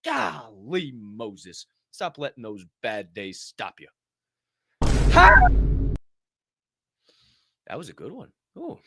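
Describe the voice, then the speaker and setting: A man's voice: on the low side, huge pitch swings, unhurried, gravelly, few pauses, very noisy. A man co-hosting a podcast, giving a fired-up, profane motivational rant. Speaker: podcast co-host.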